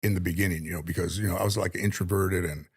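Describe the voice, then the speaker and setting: A man's voice: low voice, fairly even intonation, fast, creaky, slightly rough. A man, a comedian guest, telling casual stories full of swearing and laughing through his anecdotes. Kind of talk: casual storytelling.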